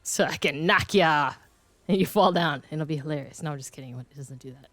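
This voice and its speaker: A woman's voice: sits low, a little fast, a bit bright, no echo. Playful, teasing woman streamer. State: voice getting hoarse. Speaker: livestreamer. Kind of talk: casual chat while gaming.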